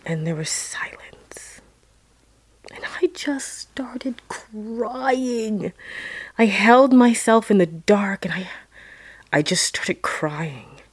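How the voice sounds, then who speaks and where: A woman telling a personal story dramatically, dropping into hushed whispers and then rising into loud outbursts. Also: medium pitch, animated, drawn-out words, breathy edge, no echo.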